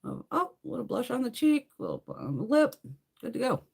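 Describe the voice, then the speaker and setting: Chatting with viewers while doing her makeup on a casual livestream, a beauty host tells blunt, heavily profane stories. Her fairly high voice swoops wildly in pitch, moves fairly quickly, and is creaky with a breathy edge.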